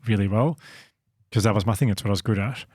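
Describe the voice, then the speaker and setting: A man's voice: lowish voice, fast talker, darkish tone, breathy edge, dry recording, studio quality. A man co-hosting a podcast, telling a story about his work in an earnest, self-deprecating way. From Australia. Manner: earnest, self-deprecating, laughs at own slips. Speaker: podcast co-host and company founder. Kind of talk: casual storytelling chat.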